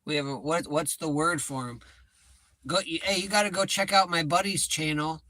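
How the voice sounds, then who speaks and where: A man's voice: a little high, fairly even intonation, moderate pace, bright, forceful tone, no room sound. A man chatting casually and profanely on a livestream, rambling and joking at his own expense. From United States. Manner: rambling, profane, self-mocking. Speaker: livestream host. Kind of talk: casual live chat.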